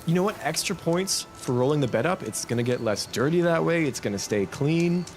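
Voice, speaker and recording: A man's voice: a little high, brisk, slight background noise. A man chatting casually on a live stream while playing a game, rambling and talking to his chat. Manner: rambling, lively, talks to himself and chat.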